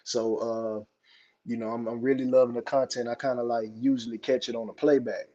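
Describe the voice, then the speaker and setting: A man's voice: medium pitch, little pitch movement, fairly quick, warm tone. A man calling into a live podcast, rambling through his points with plenty of fillers. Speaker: caller. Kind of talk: casual call-in commentary. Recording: dull lo-fi call line.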